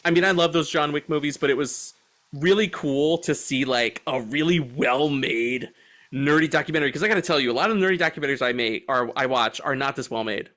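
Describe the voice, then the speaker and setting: A man co-hosting a film podcast, telling a story in a lively, profane, fast-bursting way. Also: fairly high pitch. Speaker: podcast co-host. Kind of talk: casual film podcast chat.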